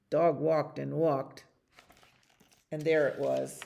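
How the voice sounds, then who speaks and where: Expressive, slow-reading woman librarian. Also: low-pitched, vocal fry. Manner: animated, expressive. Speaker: children's librarian. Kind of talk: picture book read-aloud for children.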